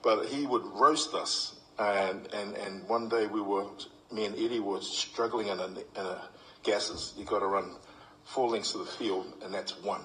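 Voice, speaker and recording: A man's voice: on the low side, level tone, measured pace, slight background noise, rough recording. A middle-aged man giving a heartfelt, humorous eulogy full of stories. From New Zealand. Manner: heartfelt, humorous storytelling with acted quotes. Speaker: eulogy speaker. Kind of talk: funeral eulogy.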